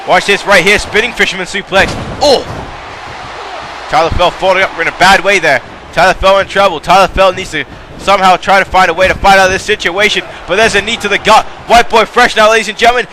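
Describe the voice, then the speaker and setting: Give me an excitable male wrestling commentator with a high, sharp voice who shouts at every big move. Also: a little hiss or hum. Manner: rambling asides to the audience. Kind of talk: play-by-play commentary.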